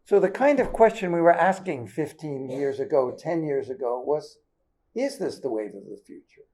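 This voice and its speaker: A man's voice: a little high, animated, normal speed, a little mellow. An older man giving a conversational seminar lecture in a lecture hall, talking through his slides. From United States. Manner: conversational, checks in with the audience. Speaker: guest lecturer.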